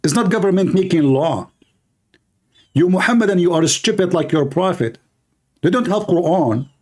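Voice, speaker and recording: A man's voice: high voice, animated, moderate pace, darkish tone. A man streaming live commentary, taunting and insulting his opponents in broken English. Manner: taunting, insulting, non-native grammar. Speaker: online debate streamer.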